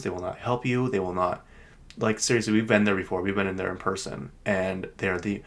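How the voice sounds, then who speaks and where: Chatty exasperated low-voiced young man. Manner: chatty storytelling, exasperated rants with mock-indignant quoted outbursts. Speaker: podcast co-host. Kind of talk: casual chat.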